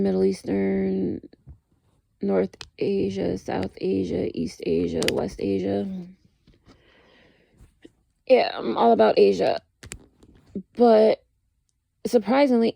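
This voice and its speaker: Rambling woman with a gravelly, mellow voice. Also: mid-range voice, fairly even intonation, unhurried, long pauses, dry recording. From United States. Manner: rambling, heavy use of "like", frequent restarts. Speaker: vlogger. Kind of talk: casual storytelling monologue.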